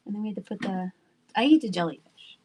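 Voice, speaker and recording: A woman's voice: medium pitch, animated, quick pace, dark tone, slight background noise. A woman hosting a live-stream sale, chatting casually, thinking aloud with asides and trailing sentences, and laughing often. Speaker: live online seller. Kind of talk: live-stream sales chat.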